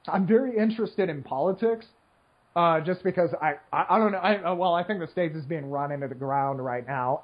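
A man who plays poker, talking in a casual, rambling monologue with many fillers, checking in with "right?" as he goes. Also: fairly high pitch. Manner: rambling, filler-heavy, keeps asking "right?"; mocks complainers in whiny put-on voices. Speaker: poker player. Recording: slightly muffled lo-fi recording.

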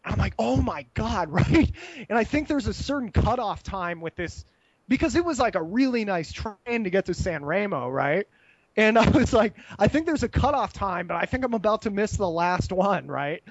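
A man's voice: high-pitched, normal speed, dry recording, dull audio. A young man telling a rambling, profane story in casual chat, laughing as he goes. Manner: animated, profane, laughs while telling stories.

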